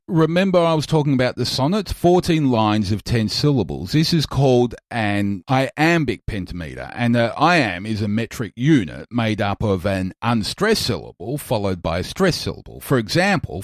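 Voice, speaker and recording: A man's voice: medium pitch, big pitch swings, normal speed, few pauses, no room sound. A man hosting a podcast, explaining things in a reflective way and projecting his voice hard into a studio mic. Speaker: podcast host. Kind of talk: casual podcast monologue and chat. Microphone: studio mic, gain turned down.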